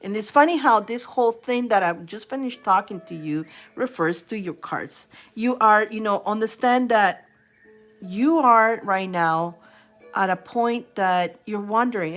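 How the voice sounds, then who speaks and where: A woman's voice: mid-range voice, a little slow, soft background music. A woman tarot reader chatting casually to her livestream viewers, telling stories with lots of laughter and acted-out quotes. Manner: animated storytelling, laughs often, acts out quotes. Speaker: tarot reader hosting a live stream.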